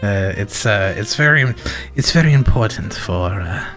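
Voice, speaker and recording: A man voicing a calm, soft-spoken male police trainer in a put-on British accent that slips, speaking slowly with lots of "uh" fillers. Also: lowish voice, soft background music, pitched below the performer's own voice. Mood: calm, measured. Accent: put-on British, slipping. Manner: slow, measured, full of "uh" fillers.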